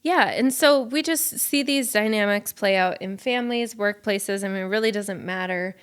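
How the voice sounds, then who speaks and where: A woman's voice: medium pitch, normal speed, clean tone. Female podcast co-host from Minnesota, earnest and thoughtful in casual talk.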